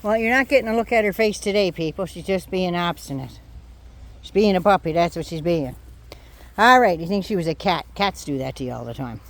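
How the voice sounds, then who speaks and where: A woman's voice: fairly low pitch, animated, fairly quick. An older woman ranting on her vlog, blunt, indignant and sarcastic. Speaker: vlogger.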